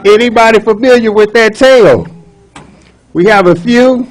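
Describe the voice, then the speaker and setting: A man telling a folk tale to a club audience, chatty and lively with asides to the crowd. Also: high voice, normal speed, low-quality recording. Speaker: speaker at a speaking club. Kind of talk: storytelling speech.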